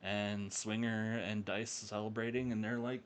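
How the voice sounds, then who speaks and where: Casual male narrator, lowish voice, halting delivery, faint rumble behind. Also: little pitch movement. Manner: halting, with frequent ums and uhs. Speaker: game let's-play narrator. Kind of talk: casual recap commentary.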